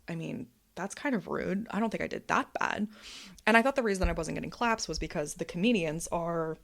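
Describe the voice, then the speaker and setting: A woman in her thirties talks through a personal update, her voice sitting low with a gravelly fry. She tells the story in a worked-up, frank way and swears freely. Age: 30s. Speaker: vlogger.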